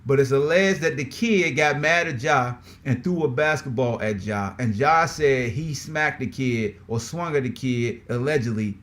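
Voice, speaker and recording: A man hosting a sports podcast in casual talk, exasperated and animated, firing off repeated rhetorical questions. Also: medium pitch, normal speed, few pauses. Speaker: podcast host.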